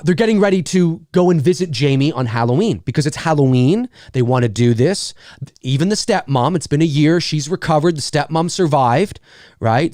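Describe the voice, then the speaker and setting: A middle-aged man hosts a live stream in a casual, rambling, animated way, swearing freely, acting out quick asides, and answering viewer comments. His voice is fairly high-pitched, with no echo and clean studio sound.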